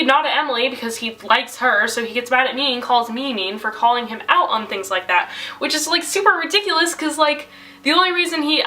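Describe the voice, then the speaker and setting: A woman's voice: high voice, pushed and bright, poor audio. A teenage girl rambling through an exasperated vent in a casual video diary, with lots of "like". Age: teens. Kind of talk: casual venting vlog.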